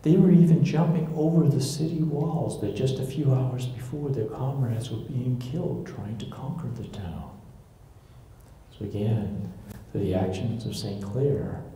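A man's voice: medium pitch, a little slow, warm tone. A man giving a live storytelling lecture to a local audience, retelling stories and acting out the quoted voices. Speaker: lecturer on church history. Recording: very echoey room, faint noise.

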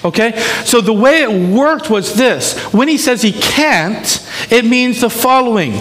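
A man's voice: very high voice, expressive, a little slow, fairly bright tone. A man preaching a sermon as pastor, emphatic and often checking in with the congregation. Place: church sanctuary. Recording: long hall reverb in a church.

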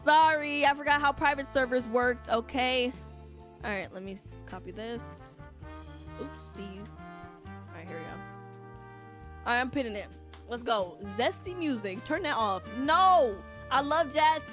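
A woman's voice: high-pitched, measured pace, pauses often, fairly bright tone, soft background music. A woman streaming a game live, talking casually to her chat and often shrieking and laughing. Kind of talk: live gaming commentary.

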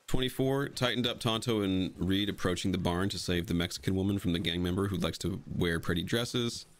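A man's voice: low voice, fairly quick, a little hiss or hum. A young man giving a casual, blunt voice-over commentary about his own film edit and swearing freely as he talks. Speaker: video creator explaining his fan edit of a film.

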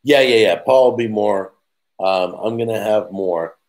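A middle-aged man hosting a casual live chat, telling rambling stories with quick asides and laughing at his own jokes. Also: on the low side, darkish tone, rough recording. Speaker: host.

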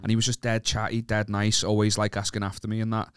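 A man's voice: lowish voice, completely flat delivery, fast talker, fairly bright tone, smooth, no room sound, studio quality. A man from the north of England co-hosting a casual podcast, telling stories with lots of swearing and laughter. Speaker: podcast co-host.

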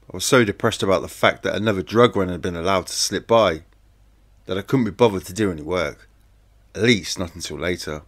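A man reads a first-person true-crime audiobook in a plain, conversational storytelling way. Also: deep voice. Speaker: audiobook narrator.

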